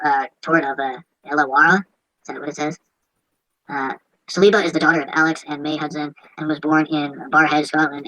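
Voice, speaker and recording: In a rough recording, a woman with a low-sitting voice hosts a podcast full of profane, casual banter. She mocks, laughs a lot, and trips over her words when reading aloud.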